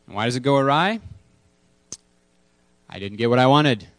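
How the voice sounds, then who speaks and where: A pastor preaches a casual sermon to his congregation, candid and self-deprecating, repeating key words for emphasis. His voice is medium-pitched and animated at a normal speed, in a dry recording.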